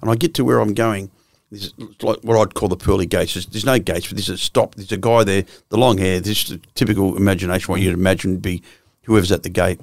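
A man's voice: sits low, steady tone, quick pace, vocal fry, hardly any pauses, no room sound, clean studio sound. A man in his sixties with an Australian accent, a guest telling his life story bluntly and profanely, full of restarts. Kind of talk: candid storytelling interview.

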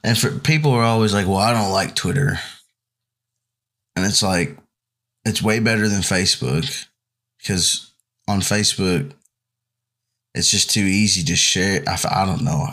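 A young man co-hosting a podcast, chatting in a relaxed, rambling way full of fillers. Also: low voice, a little slow, long pauses. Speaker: podcast co-host. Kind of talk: casual chat.

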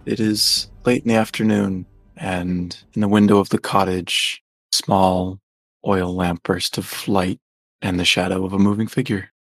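A man's voice: sits low, flat delivery, unhurried, no echo, soft background music. A man playing a tabletop game, speaking plainly both in and out of character. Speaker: player.

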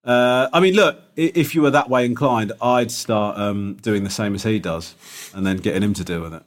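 A man's voice: lowish voice, normal speed. A man co-hosting a podcast in casual chat, rambling and correcting himself, often laughing. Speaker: podcast co-host.

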